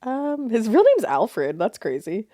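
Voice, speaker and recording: A woman's voice: a little high, huge pitch swings, a little slow, dark tone, no echo, studio quality. A woman co-hosting a podcast in casual chat, slangy and teasing. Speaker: podcast co-host.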